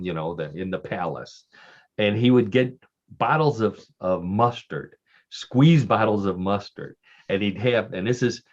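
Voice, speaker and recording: A man telling offbeat stories in casual radio chat, joking and laughing along with his own tales. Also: fairly low pitch. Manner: chatty storyteller, lots of fillers and restarts, laughs at own jokes. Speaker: regular radio show guest. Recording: dull lo-fi radio sound.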